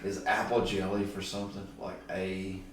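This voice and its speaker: Low voiced guy hosting a podcast, laid back, kinda far from the mic, roomy echo. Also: level tone, normal speed, a little hiss or hum. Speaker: podcast host. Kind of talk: casual chat. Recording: echoey room, set back from the mic.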